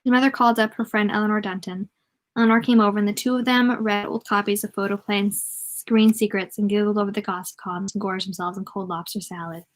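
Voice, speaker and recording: A woman's voice: medium pitch, fairly even intonation, fast. A woman reading a novel aloud in a casual way, often stumbling, correcting herself and adding joking asides.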